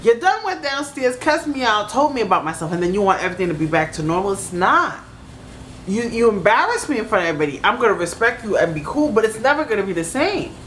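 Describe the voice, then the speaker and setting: Animated, exasperated woman reacting. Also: medium pitch, fast talker, a little hiss or hum, poor audio. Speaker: reaction channel host. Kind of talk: casual reaction commentary.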